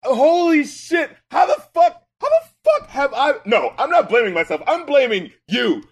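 Excitable, foul-mouthed man with a high voice. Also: moderate pace. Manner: excitable and profane, swings from mumbling to shouting. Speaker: podcast co-host, music critic and rapper. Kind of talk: casual podcast chat.

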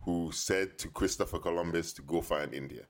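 Low-voiced man, playful slangy banter. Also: normal speed. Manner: playful, slangy, self-mocking. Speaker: podcast co-host. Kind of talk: casual chat.

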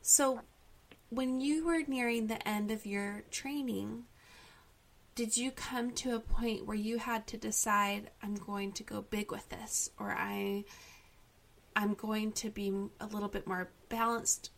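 A woman interviewer asks questions in a gentle way. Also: mid-range voice, steady tone, slow, creaky, poor audio. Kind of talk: casual interview.

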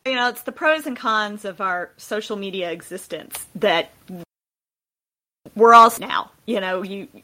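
Bubbly woman with a bright voice. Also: mid-range voice, unhurried. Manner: bubbly, lots of fillers and laughs. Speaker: guest. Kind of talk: casual chat.

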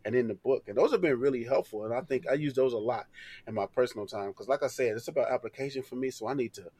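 A man's voice: mid-range voice, quick pace, dark tone, breathy edge, no echo. A man who is a pastor and podcast co-host, speaking briefly and earnestly about his seminary training. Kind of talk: casual faith talk.

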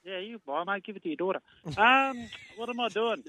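A man's voice: sits high, expressive, brisk, pushed and bright, no echo. A man calling in from an airport, joking and rambling with fillers over a phone line. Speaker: radio caller. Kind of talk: casual phone call.

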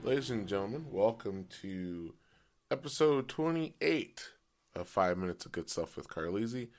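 A man hosting a casual solo podcast, his voice hoarse and cracking in and out, rambling with many fillers. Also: expressive, normal speed, soft background music. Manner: pitch jumps as voice cracks. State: voice partly gone, hoarse. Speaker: podcast host.

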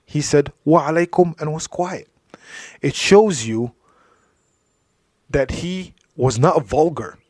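A man's voice: on the high side, lively intonation, takes it slowly, long pauses, no room sound. A man giving a religious talk, telling stories in a conversational way with frequent asides. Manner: storytelling, drops to soft asides, frequent "you know". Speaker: Islamic speaker.

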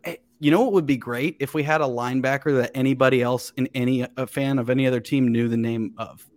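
A man chatting casually on a podcast, an animated storyteller who swears freely. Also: medium pitch, fast. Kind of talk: casual chat.

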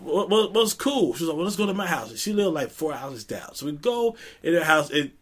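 A man telling stories in a casual podcast chat, animated, laughing often and mimicking voices. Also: fairly high pitch, a little fast. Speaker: storyteller in a group chat.

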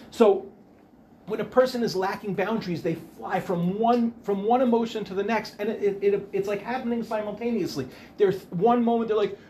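High-voiced chatty rabbi lecturing. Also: male voice, mellow, a little hiss or hum. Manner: chatty, rambling, self-interrupting, asks the audience questions. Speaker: rabbi teaching a class. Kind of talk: informal Torah lecture. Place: Ramat Beit Shemesh.

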